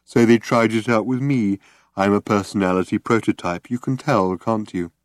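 A man reading the part of a gloomy, depressed male robot in a weary droning monotone, in an audiobook. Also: fairly low pitch, moderate pace, dry recording, clean studio sound, close to an everyday voice. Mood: weary gloom.

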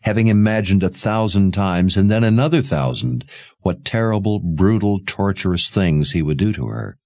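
A man reads a fantasy novel aloud in a very deep voice, measured and expressive. His pitch moves a lot across each sentence, and the recording is dry and close with no room echo. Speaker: audiobook narrator. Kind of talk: scripted fantasy narration.

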